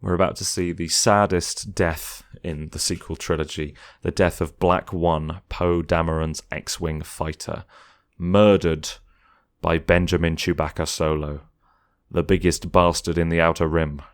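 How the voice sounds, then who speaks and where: A man's voice: low voice, level tone, measured pace. A man chatting casually through a film commentary, sometimes mocking critics in put-on voices.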